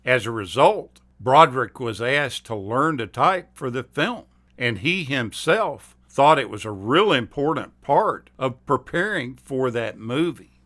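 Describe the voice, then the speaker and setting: A man narrating movie trivia as the host, reading a script in an unhurried, steady way. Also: mid-range voice.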